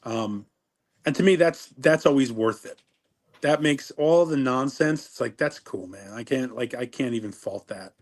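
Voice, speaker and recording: A man's voice: mid-range voice, normal speed. A middle-aged man chats casually as an interview guest. He rambles through his stories, doubling back and breaking off his own sentences. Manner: rambling, self-interrupting storyteller. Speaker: interview guest, former wrestler.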